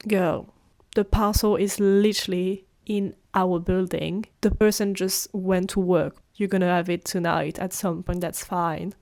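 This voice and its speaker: A woman in her twenties, a native French speaker, hosting a podcast and telling personal stories in a casual, animated way, acting out what she said. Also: medium pitch, normal speed. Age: 20s. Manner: animated, acts out her own quoted lines. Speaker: podcast host. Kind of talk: casual storytelling monologue.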